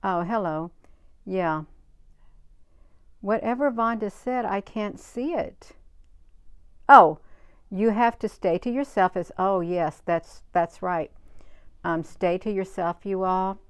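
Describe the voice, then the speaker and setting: Speaking slowly with long pauses, a woman with a medium-pitched, clean voice chats on a casual livestream and reads viewers' comments. She stresses her points through short, emphatic repetition. The recording is dry.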